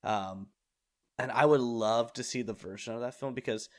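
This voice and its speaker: A man's voice: medium pitch, normal speed. A man hosting a casual film podcast, talking in a rambling way with many fillers and restarts. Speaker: podcast host.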